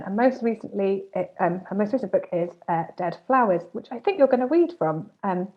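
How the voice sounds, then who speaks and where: Woman, event host, halting with ums, mid pitch, muffled call sound. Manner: hesitant, many ums and restarts. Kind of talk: online event introduction. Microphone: computer mic, video call. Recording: dull lo-fi call audio.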